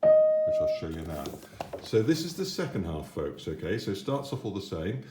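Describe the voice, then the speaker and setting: Male piano teacher for kids, low voice, patient and encouraging, roomy echo with piano playing. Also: huge pitch swings, moderate pace, dark tone. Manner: patient, encouraging, sings note patterns. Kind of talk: children's piano lesson.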